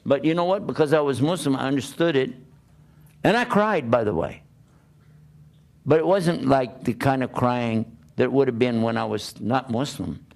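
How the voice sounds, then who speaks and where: A man giving a religious talk to an audience, lively and questioning, often acting out the voices of the people he quotes. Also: medium pitch, moderate pace, vocal fry. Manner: animated, plays out quoted voices and asks rhetorical questions. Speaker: Islamic preacher.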